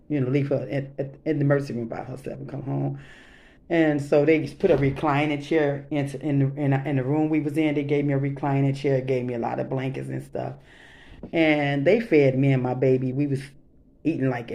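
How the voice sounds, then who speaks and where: Gravelly-voiced woman vlogging earnestly. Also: extremely low pitch, warm tone. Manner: earnest, repetitive, rambling with restarts. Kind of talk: casual vlog monologue.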